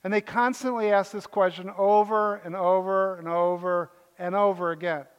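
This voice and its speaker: High-voiced older man preaching in a hall. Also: flat delivery, normal speed, hardly any pauses, smooth, muffled recording. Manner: joking, conversational preaching with asides. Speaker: pastor. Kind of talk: sermon. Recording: echoey hall reverb.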